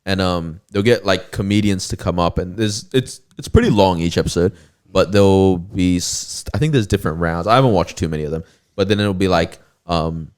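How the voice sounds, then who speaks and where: A man co-hosting a podcast, chatting casually and telling stories in an animated way, full of "bro" and "like". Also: low-pitched, fairly quick. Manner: animated storyteller, says "bro" and "like" a lot. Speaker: podcast co-host. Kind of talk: casual chat.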